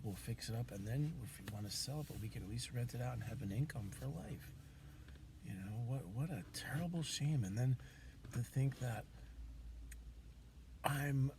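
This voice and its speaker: A man's voice: fairly low pitch, darkish tone, a little hiss or hum. A man venting in a rambling, swearing vlog monologue, grieving and angry, with many restarts. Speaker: vlogger.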